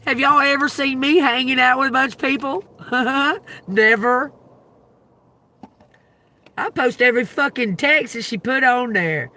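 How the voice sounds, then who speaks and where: A man, telling a profane, animated story on a casual livestream, with loud outbursts. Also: extremely high pitch, a little slow. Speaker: tarot reader livestreamer.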